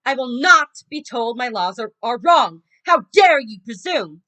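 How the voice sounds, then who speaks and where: A woman reading aloud voices a stern male sea-god king who growls out commands in a loud, firm tone. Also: high-pitched, big pitch swings, moderate pace, heavily acted. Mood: furious.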